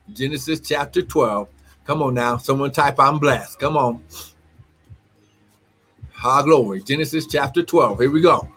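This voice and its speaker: High bright-voiced preacher, exclaiming. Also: male voice, husky. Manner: exclaims and shouts often; reads scripture aloud and comments. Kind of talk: livestreamed sermon.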